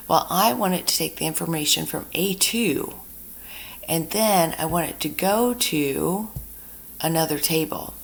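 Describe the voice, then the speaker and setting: A woman instructor giving a screen-recorded software tutorial, chatty and talking herself through each step. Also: low-pitched, a little slow, creaky.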